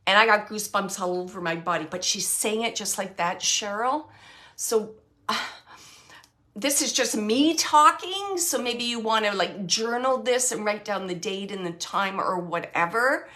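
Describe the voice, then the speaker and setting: A woman working as a psychic medium, giving an earnest, emotional spirit reading. She laughs often and sometimes drops to a soft hush. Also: medium pitch, normal speed. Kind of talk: live spirit reading for a sitter.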